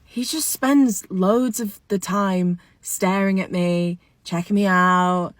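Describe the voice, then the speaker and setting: A woman's voice: medium pitch, steady tone, slow pace, no echo. A woman telling a dating story in a casual phone video, exasperated and sarcastic.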